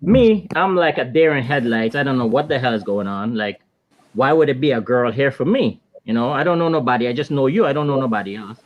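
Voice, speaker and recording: A man in his thirties from the Virgin Islands with a Caribbean accent, telling a laid-back, animated story as a guest on a casual panel. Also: medium pitch, fairly quick, highs cut off.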